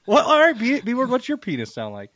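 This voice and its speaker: A man co-hosting a podcast, goofy and excitable, jumping quickly between ideas. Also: very high voice, no room sound. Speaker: podcast co-host. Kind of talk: casual podcast chat.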